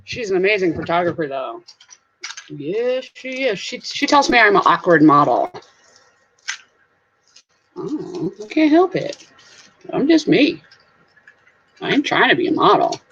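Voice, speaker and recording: Reading viewer comments on her casual live stream, this middle-aged Southern US reseller goes goofy, giggly and playful with sing-song voices. Her mid-range voice is sing-song, a bit bright and a little slow, with long pauses. Slight background noise sits under the slightly dull lo-fi stream audio.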